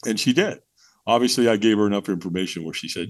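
A middle-aged man tells his story in a relaxed, frank way. His delivery is animated and he swears now and then. The sound is dry and close-miked. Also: quick pace, dry recording. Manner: animated, jumps into high voices when quoting people; candid and frank, swears freely. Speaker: podcast guest. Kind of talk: storytelling in casual conversation.

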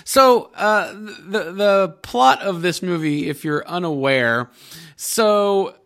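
A man co-hosting a casual movie podcast, speaking haltingly with stammered restarts. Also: high voice, animated, a bit bright. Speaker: podcast co-host.

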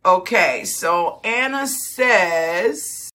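Fired-up woman coaching, bright voice. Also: on the low side, animated, drawn-out words, soft background music. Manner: fired-up, emphatic, laughs often. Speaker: host. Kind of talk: coaching talk on a group call.

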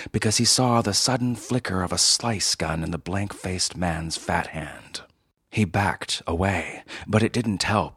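A man narrating a dark science-fiction story in a measured, dramatic reading. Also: low-pitched, slightly rough, dry recording, clean studio sound.

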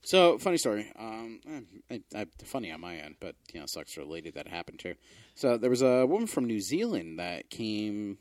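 Animated storytelling man, lively swings. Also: fairly quick, no echo, clean studio sound. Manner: animated storyteller, swearing, jumping into high squeaky exclamations. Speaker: podcast co-host. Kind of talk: casual chat.

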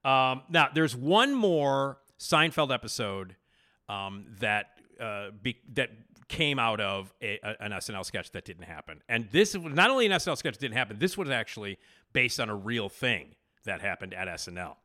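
A man hosting a podcast, casually retelling a TV backstage story with animated emphasis and frequent fillers. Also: medium pitch, moderate pace. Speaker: podcast host.

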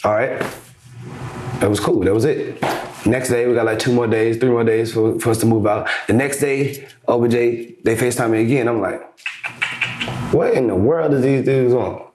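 A young man telling a story casually as a podcast guest, lively, acting out the back-and-forth he describes. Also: medium pitch, normal speed, reverberant. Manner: animated storyteller acting out quoted exchanges. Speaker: podcast guest, basketball influencer.

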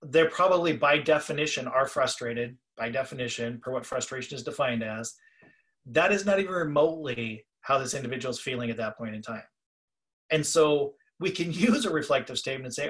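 A man's voice: medium pitch, a little fast, a bit bright. A man co-hosting a podcast about listening skills, telling a story and acting out the people in it. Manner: storytelling, acts out quoted callers. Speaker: podcast co-host, trainer. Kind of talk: conversational podcast talk.

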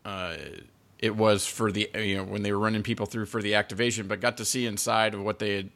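A man with a somewhat low voice hosts a podcast in a relaxed, halting way. He pauses often and pads his sentences with fillers as he gathers his thoughts. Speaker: podcast host. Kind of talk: casual chat.

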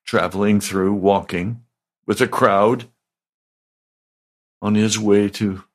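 A male pastor delivering a radio sermon, asking slow, emphatic questions. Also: on the low side, fairly even intonation.

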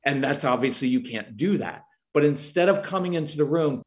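A man's voice: mid-range voice, expressive, fairly quick, hardly any pauses. A middle-aged man answering interview questions about parenting, earnest and explanatory, sometimes acting out what he says to children. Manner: earnest, acts out quoted lines to parents and kids. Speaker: parenting guest expert.

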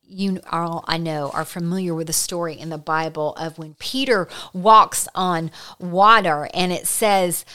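A middle-aged woman giving an earnest, conversational Christian teaching, slowing down to stress key points. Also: lowish voice, steady tone, sharp tone, smooth. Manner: earnest, slows down for emphasis. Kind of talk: conversational sermon.

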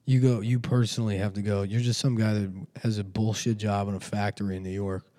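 A man's voice: on the low side, level tone, fast talker, warm tone. A man co-hosting a casual comedy podcast, rambling through profane riffs. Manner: rambling, profane, riffing bits. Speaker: podcast co-host.

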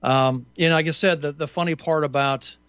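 A man hosting a call-in radio show, easygoing and agreeable, chiming in with quick affirmations. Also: on the high side, fairly even intonation, a bit bright, clean tone, dry recording, dull audio.

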